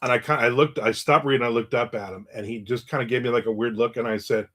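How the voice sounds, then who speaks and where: A man hosting his own stream in a casual, talkative way. His pitch sits in an ordinary middle range, and he drifts through a long anecdote full of asides. He also reads viewer comments aloud and reacts to them loosely. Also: steady tone, fast talker, few pauses, a bit bright. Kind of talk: casual chat and storytelling.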